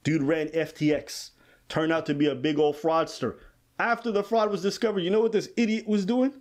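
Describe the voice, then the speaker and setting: A man's voice: fairly high pitch, steady tone, a little fast. A man hosting a podcast, giving emphatic casual commentary on a legal case. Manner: emphatic, reads quotes aloud in dramatized voices. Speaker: podcast host.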